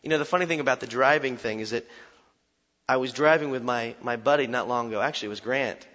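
Male pastor, sermon, forceful and bright, animated with self-mocking humor; slightly muffled recording with long church reverb. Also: medium pitch, fast. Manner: animated, shifts from shouted warnings to quiet reflection, self-deprecating humor. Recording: dull sound with long hall reverb.

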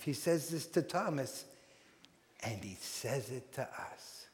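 A man preaching a sermon as pastor, animated and acting out quoted voices. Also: mid-range voice, a little slow. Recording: long hall reverb.

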